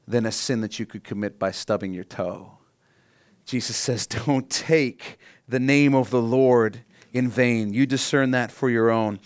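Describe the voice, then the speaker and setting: A pastor at a middling pitch delivers an earnest, teaching sermon, putting rhetorical questions to his listeners. The sound is dry and close, with no room sound.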